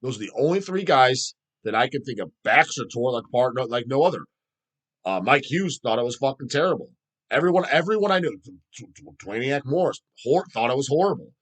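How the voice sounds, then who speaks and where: A man's voice: mid-range voice, sing-song, fairly quick, breathy edge. A middle-aged man hosting a solo vlog, ranting heatedly and profanely. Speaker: channel host.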